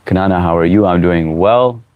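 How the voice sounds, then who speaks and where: Deep-voiced man chatting on a live stream. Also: moderate pace, phone-quality sound. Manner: greets viewers by name and reads chat comments aloud; relaxed, encouraging, brotherly advice. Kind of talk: casual live-stream chat.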